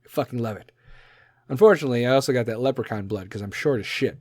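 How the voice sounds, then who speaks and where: A man in his thirties hosting a podcast, rambling through a profane comedic monologue, laughing at his own jokes and swinging between loud outbursts and low mutters. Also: animated, racing, no room sound, studio quality. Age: 30s. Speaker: podcast host.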